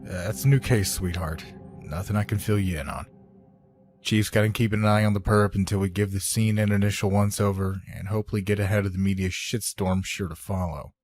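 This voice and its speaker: A man voicing a weary, low-voiced veteran detective. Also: fairly even intonation, fairly quick, darkish tone, soft background music, natural voice. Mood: tired. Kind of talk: audiobook character voice.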